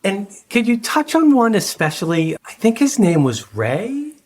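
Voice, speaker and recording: A man's voice: sits high, very animated, unhurried. A man hosting a podcast, asking friendly, rambling questions. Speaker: podcast host. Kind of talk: conversational interview.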